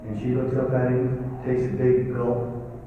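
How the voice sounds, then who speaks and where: An older man, a retired sheriff, giving an impassioned public speech with loud emphatic peaks. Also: mid-range voice, monotone, unhurried, slight background noise. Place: public hall. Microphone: distant room recording. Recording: echoey hall, distant, tinny.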